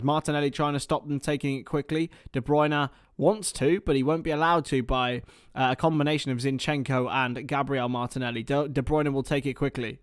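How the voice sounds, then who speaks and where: A man doing chatty live football commentary for a watchalong stream, excitable and talking to his viewers. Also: a little high, clear, resonant tone, no echo, clean studio sound.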